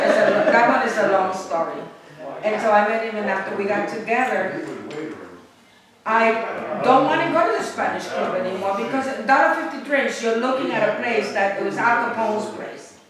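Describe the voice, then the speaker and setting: A woman's voice: medium pitch, expressive, moderate pace. An older woman from Puerto Rico tells a rambling, laughing story to a group at a memorial gathering. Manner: chatty, digressive, laughs as she talks. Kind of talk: casual anecdote to a group. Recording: echoey room, far from mic, loud crowd.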